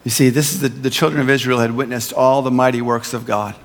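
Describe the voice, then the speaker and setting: A male pastor giving a sermon, earnest and emphatic, slowing down on key phrases and slipping in playful asides. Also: medium pitch, steady tone, big-room sound.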